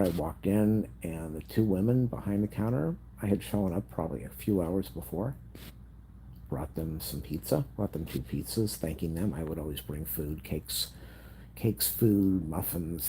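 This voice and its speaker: A grieving man telling a personal story in a vlog, emotional and halting, at times dropping into a whisper. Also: a bass voice, dark tone, slight background noise. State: grieving, on the edge of tears.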